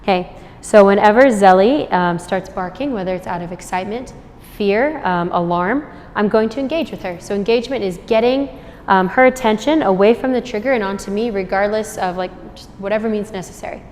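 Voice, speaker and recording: Inside a store, a woman dog trainer demonstrates her method, explaining each step and praising the puppy between explanations in a high, cheerful voice. She speaks briskly with a darkish tone, and the space sounds like a large hall.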